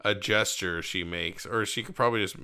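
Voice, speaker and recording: A man co-hosting a podcast in casual chat, profane and laughing, quoting his own thoughts in animated bursts. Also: lowish voice, fairly quick, clean tone. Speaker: podcast co-host.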